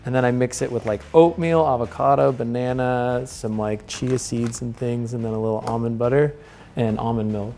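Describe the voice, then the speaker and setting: Laid-back chatty man with gravelly voice. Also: medium pitch, normal speed, a little hiss or hum. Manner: relaxed, chatty, laughs often, lots of fillers. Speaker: interview guest, pro snowboarder. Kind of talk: casual chat. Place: house, indoors.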